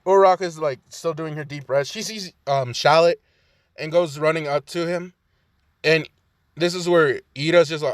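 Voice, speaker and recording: A man's voice: on the high side, fairly even intonation, moderate pace, dry recording, clean studio sound. A young man in his twenties casually rambling through a fan story retelling, profane and loose, full of fillers, at home by a cracked window.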